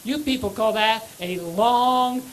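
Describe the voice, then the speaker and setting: Older man with a high squeaky voice. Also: a bit bright, a little hiss or hum, rough recording. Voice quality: high squeaky voice after voice surgery. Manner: dry, self-mocking joke telling with wry pauses. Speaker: stand-up comedian. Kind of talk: stand-up comedy set. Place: comedy club stage before a live audience. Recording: live club recording with audience laughter.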